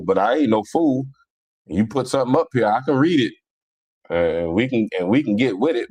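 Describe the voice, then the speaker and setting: A man's voice: mid-range voice, a little mellow. Livestream preacher, a man with a Cincinnati accent, mid-range voice, blunt and streetwise, rambling rant. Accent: Cincinnati, African American Vernacular English. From Cincinnati, USA. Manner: blunt streetwise talk, repeats words. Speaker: online Islamic preacher.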